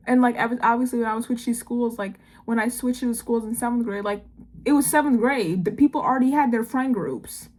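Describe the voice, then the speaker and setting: A nineteen-year-old woman in a casual confessional vlog, talking fast and rambling with lots of "like" and "I don't know.". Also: a little high, a little mellow. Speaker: vlogger.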